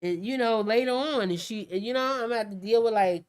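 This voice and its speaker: A woman hosting a painting stream, a mother telling stories in a casual, animated way and acting out what others say. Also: on the high side, fast talker. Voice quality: animated storytelling, acts out quoted talk. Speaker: art channel host.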